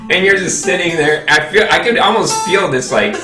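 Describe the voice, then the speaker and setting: A man's voice: high voice, a little fast, echoey room, recorded from a distance, music in the background. A young man hosting a casual podcast chat, telling a story and acting out the quotes. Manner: animated storyteller, acts out quotes. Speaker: podcast host.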